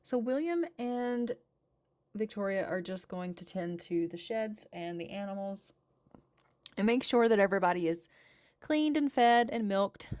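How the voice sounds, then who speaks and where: A gaming channel host casually voices over a life-simulation game, chatting with and cooing at her characters as she plays. Her medium-pitched voice is darkish, with lively intonation and a measured pace, captured on a home voice-over mic.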